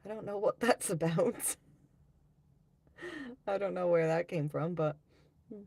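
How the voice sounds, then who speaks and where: A woman hosts a casual live stream, reading her viewers' comments aloud and answering them in a rambling, offhand way. Her voice has a rough, gravelly fry, and she talks at an unhurried, drawn-out pace. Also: on the low side, darkish tone. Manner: rambling, offhand, quick to laugh at herself. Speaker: livestream host.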